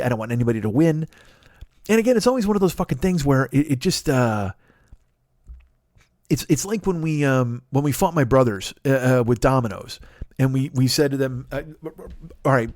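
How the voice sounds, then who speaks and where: A man's voice: a little high, no room sound. Profane rambling man, dry close sound. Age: 40s. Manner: profane, rambling, animated asides. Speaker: podcast host. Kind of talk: rambling comedic monologue.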